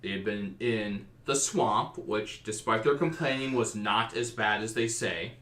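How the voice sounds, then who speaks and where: A man with a fairly low voice tells stories from his tabletop campaigns in a relaxed, animated podcast chat. The recording is roomy and echoey, with his voice sitting in a live room. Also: unhurried. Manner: storytelling, animated. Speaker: game master and podcast host. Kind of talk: casual podcast discussion. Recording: roomy echo.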